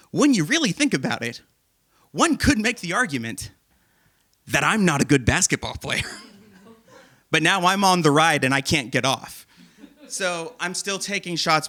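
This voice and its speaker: A man hosting a live comedy show, telling a self-deprecating story to an audience in a theater. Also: fairly high pitch. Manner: self-deprecating, animated, laughing at himself. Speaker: host and storyteller.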